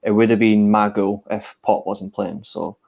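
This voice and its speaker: A man gives opinionated football analysis on a casual live stream. His voice sits fairly low, and he rambles through his points with plenty of restarts. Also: steady tone, moderate pace, vocal fry, highs cut off. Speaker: co-host of a football watchalong.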